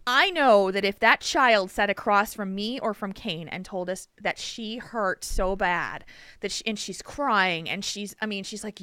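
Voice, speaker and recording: A woman hosting a podcast, telling a story in an animated, emphatic way and laughing often. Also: medium pitch, normal speed, no room sound. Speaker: podcast host. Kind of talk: casual chat, storytelling.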